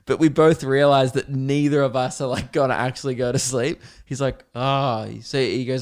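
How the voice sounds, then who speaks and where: A young man with an Australian accent chats alone into the mic for his podcast. His voice is clean and smooth, and he rambles loosely, breaks into laughter often and swears freely. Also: mid-range voice, steady tone, moderate pace, few pauses. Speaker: podcast host. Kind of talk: casual solo podcast monologue.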